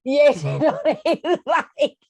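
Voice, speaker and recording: A woman's voice: sits high, big pitch swings, slow pace, a little mellow, no echo. A woman co-hosting a casual film review, talking in laid-back slang, laughing and swearing. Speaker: co-host.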